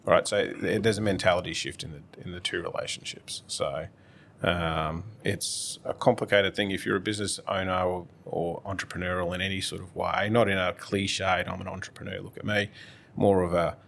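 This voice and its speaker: A man, a guest accountant speaking in a measured, reflective way as he gives advice in casual conversation. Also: low-pitched, fairly even intonation, gravelly, fairly bright tone, a little hiss or hum.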